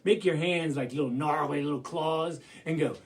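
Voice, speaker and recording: A man telling a children's story as a puppeteer, animated and calling out to the audience to join in. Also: on the high side, moderate pace. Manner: animated, call-and-response with the audience.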